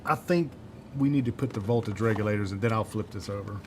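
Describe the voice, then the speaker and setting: Building electronics on a livestream, specifically a synth module, this man from Mississippi talks fast in a lowish voice with a mild Southern accent. He rambles, laughs at himself and is self-deprecating, over a touch of hiss or hum.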